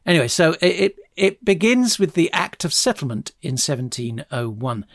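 A man's voice: a little high, very animated, normal speed, dry recording, studio quality. A man hosting a history podcast, narrating in a chatty style with wry asides.

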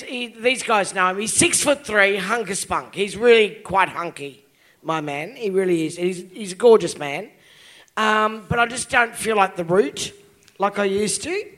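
A woman's voice: medium pitch, fairly bright tone. A woman in her fifties with an Australian accent doing live stand-up comedy, crude and full of swearing. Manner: bawdy, crude, heavy swearing. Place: live comedy venue stage.

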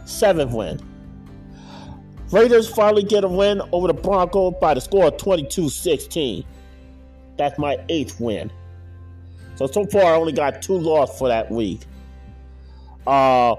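A man recapping his football picks in a lively, up-and-down voice, pitched a bit high for a man. He drags out the scores and mutters his frustration between games. Soft music sits underneath. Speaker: podcast host. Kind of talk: casual solo sports picks recap.

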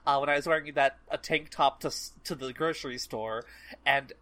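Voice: medium pitch, brisk, sharp tone, dry recording. A podcast co-host in casual chat, telling an anecdote in a dry, sardonic way. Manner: wry, sardonic storytelling.

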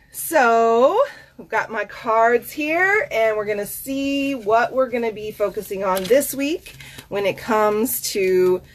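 A woman with a Southern US accent, hosting a casual self-care podcast as a coach. She talks in a chatty, expressive way with many fillers and asides. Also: medium pitch, a little hiss or hum. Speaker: host and life coach. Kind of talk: casual podcast monologue with card reading.

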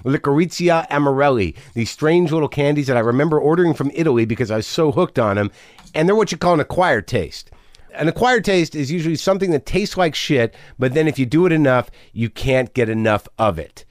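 A man's voice: a little high, lively intonation, fairly quick, dry recording. A middle-aged man hosting a podcast, talking in a manic, rambling, profane confessional monologue. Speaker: podcast host.

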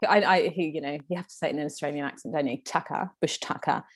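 Casting note: woman in her thirties, podcast co-host, lowish voice, cheeky gossip, animated delivery. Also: racing. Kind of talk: casual chat.

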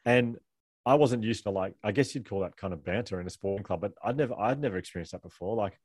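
Fast-talking man, rambling and laughing. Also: fairly low pitch, darkish tone, no room sound. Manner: fast, rambling, self-deprecating, laughing often. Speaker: guest author. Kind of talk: candid conversational storytelling.

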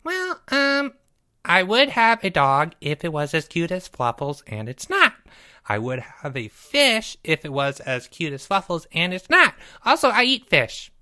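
A woman's voice: on the low side, huge pitch swings, unhurried, pushed and bright, heavily acted. A woman voicing a goofy, boastful young male podcaster who rambles and stammers and insists he never cries. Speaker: podcast co-host. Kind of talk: comedic podcast banter.

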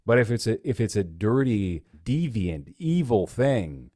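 A man's voice: on the low side, big pitch swings, unhurried, warm tone, no room sound, studio quality. A man co-hosting a podcast in crude banter, blunt and provocative, cutting in with gross-out jokes. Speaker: podcast co-host.

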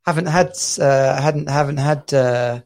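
An Englishman in his forties co-hosts a podcast, his gravelly, medium-pitched voice moving a little slowly. He tells stories animatedly in a casual chat and laughs a lot.

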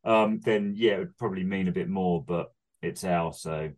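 A man's voice: low voice, normal speed, a little mellow. A man co-hosting a comedy podcast, bantering dryly with plenty of swearing and laughs. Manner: dry, sweary, laughing often. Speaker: podcast co-host. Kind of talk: casual banter.

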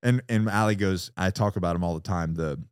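Profane, animated man guest. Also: low-pitched, brisk, clear, resonant tone, dry recording, clean studio sound. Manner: profane, animated, acts out quotes. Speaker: guest, former Marine. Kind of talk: casual podcast conversation.

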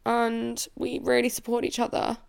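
A young Englishwoman hosts a solo confessional podcast from home under a blanket, her slightly high voice smooth, fry-tinged, and completely flat, at normal speed. She chats openly and emotionally about her life, her voice at times cracking close to tears.

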